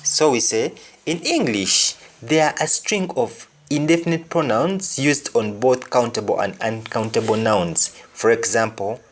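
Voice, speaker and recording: A man with a Jamaican accent gives a language lesson. He repeats each phrase deliberately and then translates it. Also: mid-range voice. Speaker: language teacher.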